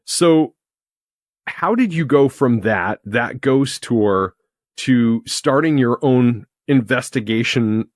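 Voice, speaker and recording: Slow, measured male podcast host. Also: medium pitch, dry recording, studio quality. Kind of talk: interview questions.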